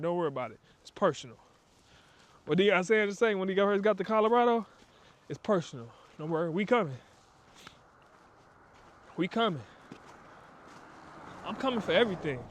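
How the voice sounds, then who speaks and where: Emphatic, high-voiced motivational man outdoors. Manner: emphatic, preachy street talk with slang and acted-out asides. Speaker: vlogger giving a motivational talk. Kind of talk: casual motivational monologue on a walk. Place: outdoors on a walk.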